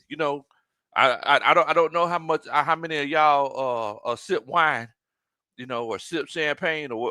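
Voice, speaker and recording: A man's voice: a little high, pushed and bright, no room sound. A man hosting a casual live football stream, rambling and stumbling over repeated words while he reads viewer comments aloud, a little congested from a sinus infection. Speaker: sports live stream host.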